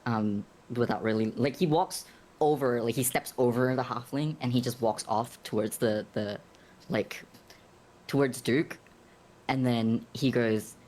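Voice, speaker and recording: A man's voice: mid-range voice, fairly even intonation, unhurried, darkish tone, slight background noise. A man playing a tabletop game, describing his actions in a rambling, giggly way with self-corrections. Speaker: player.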